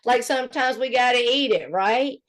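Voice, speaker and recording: A woman from Alabama with a Southern accent, co-hosting a casual gossip chat and telling stories in a mocking, animated way. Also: fairly high pitch, normal speed. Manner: animated, mocking storytelling with laughter. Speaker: co-host.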